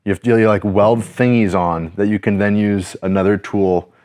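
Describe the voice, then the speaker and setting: A man in his thirties hosting a casual project vlog, chatty and excitable as he thinks out loud while working on a boat. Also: lowish voice, normal speed. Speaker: DIY boat restorer and channel host.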